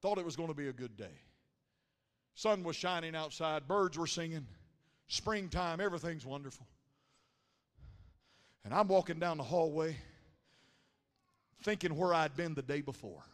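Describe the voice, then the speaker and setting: A man preaching a Pentecostal sermon in a church, telling stories in a quick, rhythmic cadence and building up to shouted, chanted lines. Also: a little high. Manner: punctuates lines with a breathy "huh". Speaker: pastor. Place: large church sanctuary. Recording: live sermon with long hall reverb.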